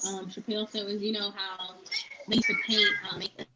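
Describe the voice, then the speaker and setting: A woman's voice: mid-range voice, level tone, brisk, heavy background noise. A woman co-hosting a casual chat show, stating her opinions bluntly and with emphasis. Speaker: podcast co-host.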